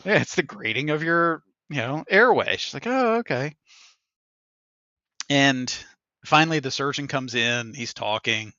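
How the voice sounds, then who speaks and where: A male podcast host tells stories in an easy, chatty way and acts out the voices of the people in them. His voice has a bright, forceful edge. The sound is dry and somewhat dull, like a lo-fi recording. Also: medium pitch, normal speed, no echo. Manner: animated storyteller acting out others' lines with laughs. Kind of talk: casual chat, storytelling.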